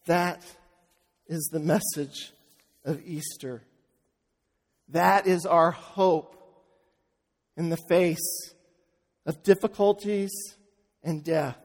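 Male pastor, sermon delivery, unhurried, hushed dips and loud swells, reverberant sanctuary. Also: on the high side. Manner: slow, with hushed drops and swells to loud emphasis. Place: church sanctuary. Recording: long reverb of a large hall.

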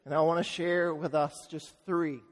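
A man preaching a sermon as pastor, telling a story earnestly and slowing down for emphasis. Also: on the high side, level tone. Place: church sanctuary. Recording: long church-hall reverb.

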